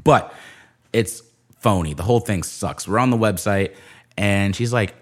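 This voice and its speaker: A man's voice: fairly low pitch, a little slow, pauses often. A man telling a sarcastic, profane story in a casual rant, full of asides. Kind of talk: casual ranting monologue.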